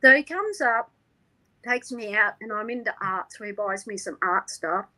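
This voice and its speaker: A woman, an interview guest, tells a personal story in an animated way, laughing often and acting out the people she quotes. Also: medium pitch, normal speed, poor audio.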